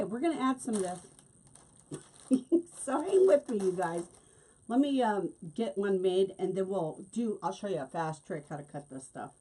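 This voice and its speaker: Chatty husky woman crafting. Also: medium pitch. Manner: chatty, laughs often, talks while working. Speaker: wreath-making host. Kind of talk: casual craft tutorial chat.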